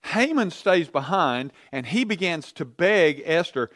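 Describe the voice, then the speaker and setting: Male Bible teacher, animated storyteller, lively pitch, quizzes his group. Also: measured pace, hardly any pauses, no echo, studio quality. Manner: animated storytelling, asks the class questions.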